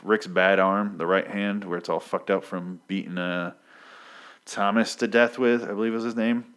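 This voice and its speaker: Low-voiced sarcastic man recapping comics. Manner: sarcastic, profane, rambling. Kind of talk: casual comic book recap.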